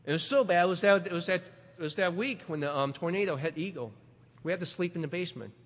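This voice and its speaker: A middle-aged man preaching a sermon, animated, asking rhetorical questions and repeating words as he builds his points. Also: sits high, quick pace. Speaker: pastor. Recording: dull recording with long hall reverb.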